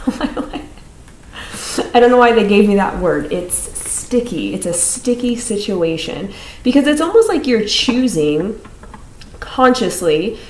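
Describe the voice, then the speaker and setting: A woman's voice: medium pitch, sing-song, measured pace, echoey room, a little hiss or hum, rough recording. A woman giving a casual tarot reading to her viewers, rambling with many fillers and restarts. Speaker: tarot reader.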